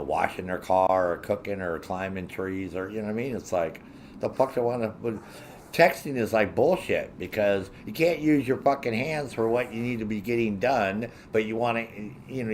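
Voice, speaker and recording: A man's voice: on the low side, moderate pace, a little hiss or hum. A man streaming and ranting casually to his viewers, swearing heavily and sounding indignant. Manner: profane, heavy swearing; animated, indignant.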